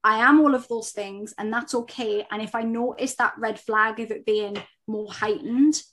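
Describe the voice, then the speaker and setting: A woman's voice: a little high, fairly even intonation, moderate pace, a bit bright. A woman in her thirties speaking as a self-development coach and guest, earnest and candid, recorded at home, who often repeats a phrase for emphasis. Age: 30s. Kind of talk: casual podcast conversation.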